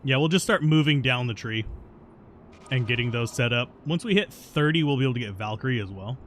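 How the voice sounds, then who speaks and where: A man's voice: mid-range voice, expressive, a little fast, a bit bright, slight background noise. A man streaming a video game live, chatting casually and answering viewers' questions between plays, stubborn and self-mocking. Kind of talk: casual live gameplay commentary.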